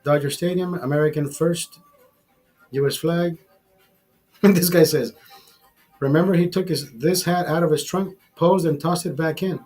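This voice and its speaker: Husky, rambling male streamer. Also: fairly high pitch, fairly even intonation, a little slow, long pauses, darkish tone, soft background music. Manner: rambling, repeats himself, swears freely. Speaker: livestream host. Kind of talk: casual livestream chat.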